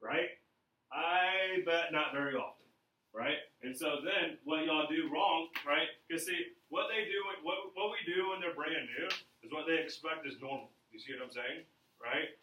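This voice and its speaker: A man leading a sales training seminar, coaching with lots of energy and asking his listeners again and again if they follow. His voice is fairly high and bright, and it comes from some distance off in an echoey room. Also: normal speed, slight background noise. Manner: energetic, coaching, checks in often with "right?".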